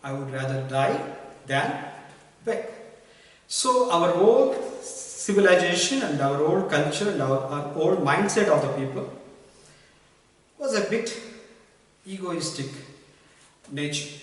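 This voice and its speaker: A male teacher, his voice sitting a little high. He repeats key words and example sentences slowly, heard from some distance in a strongly echoing room with a long reverb tail. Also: lively intonation. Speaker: English teacher. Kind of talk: spoken English lesson. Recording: echoey room, voice from far off.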